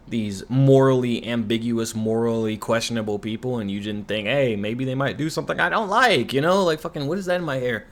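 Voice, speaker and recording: A man's voice: mid-range voice, a little mellow. Profane ranting man recapping a show. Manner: profane, sarcastic, rambling. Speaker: commentary YouTuber.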